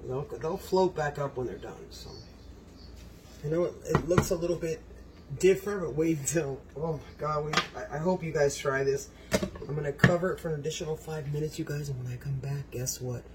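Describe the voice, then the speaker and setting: A home cook vlogger films a casual cooking demo in his kitchen, talking straight to viewers and repeatedly exclaiming how delicious everything is. His voice is fairly high and a bit fast, and the recording is very noisy.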